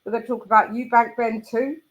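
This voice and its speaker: A woman hosts a casual boxing chat stream. Her voice sits a little high, and her talk is loose and chatty, full of laughs and the odd swear word. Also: steady tone, fast, highs cut off. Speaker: host.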